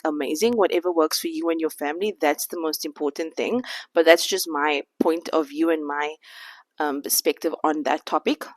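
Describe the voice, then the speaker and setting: A woman's voice: low voice, no echo, poor audio. A woman in her thirties talking candidly to camera in a sit-down vlog, reflective and a little out of breath. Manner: candid, reflective, faith-centered. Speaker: vlogger.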